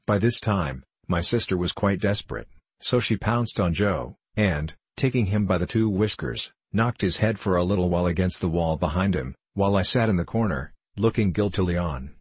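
Low husky-voiced guy reading a classic novel, measured, dry close mic. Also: no room sound. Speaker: audiobook narrator. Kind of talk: scripted narration of a classic novel.

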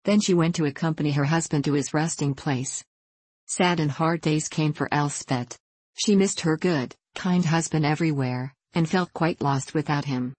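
A woman narrating a story in a calm, measured audiobook reading. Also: low-pitched, breathy edge, no echo.

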